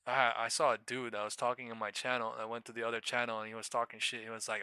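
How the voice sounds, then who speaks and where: A man's voice: mid-range voice, steady tone, fast talker, pushed and bright, smooth, no echo. A man hosting a live trading stream, talking casually, swearing and laughing often as he rambles.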